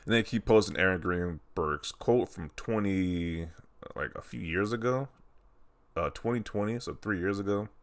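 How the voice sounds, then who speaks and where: A man's voice: sits low, moderate pace. A young man hosting a gaming channel, rambling in casual commentary with lots of "like" and incredulous questions.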